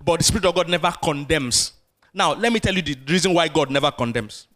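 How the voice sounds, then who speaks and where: A man preaching a sermon as pastor, animated, drawing responses from the congregation. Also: a little high, a little fast.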